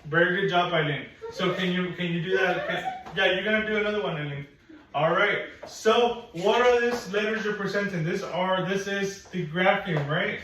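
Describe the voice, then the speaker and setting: A man teaching phonics one on one, patient and encouraging, slowly repeating sounds for a young learner in a classroom. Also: high voice, a bit bright. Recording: echoey room, mic at a distance.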